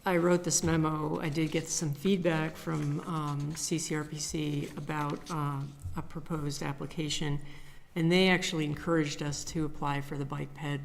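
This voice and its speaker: A woman who is a town planner giving a halting update at a public meeting. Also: deep voice, little pitch movement, vocal fry, slight background noise. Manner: hesitant, many fillers.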